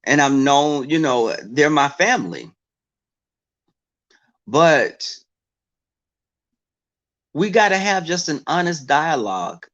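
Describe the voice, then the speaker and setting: A man chatting casually to his viewers, telling stories in an animated way and breaking into mocking impressions of others. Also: fairly high pitch, takes it slowly, pauses often, lo-fi sound.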